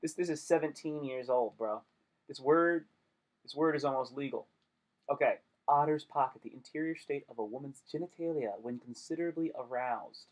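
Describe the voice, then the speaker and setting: A man's voice: mid-range voice, normal speed. A young man chatting casually on a live stream, joking and rambling with lots of slang.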